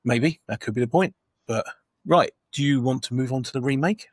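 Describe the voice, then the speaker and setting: A man's voice: mid-range voice, fairly quick, slightly rough, dry recording. A man co-hosting a casual film review podcast, steadily reading out film facts and questions. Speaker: podcast co-host.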